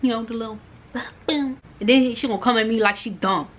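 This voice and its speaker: A woman's voice: on the high side, very fast. A young woman telling a storytime vlog, acting out dialogue in casual, slangy speech with profanity. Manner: animated retelling, acting out dialogue. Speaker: vlogger.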